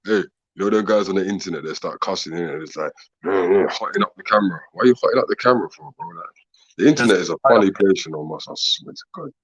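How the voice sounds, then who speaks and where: A fairly low-voiced man, chatting on a casual podcast. He asks question after question, laughs easily and drops "bro" and "man" throughout. The sound is a bit dull and lo-fi. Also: expressive, quick pace, husky. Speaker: podcast co-host. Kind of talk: casual chat.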